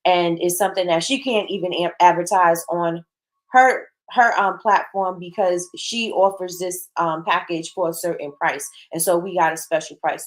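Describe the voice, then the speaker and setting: A woman hosting a casual livestream, chatty and emphatic, greeting viewers and making announcements. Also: on the low side. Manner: chatty and emphatic, Southern-style "y'all", quick asides. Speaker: livestream host.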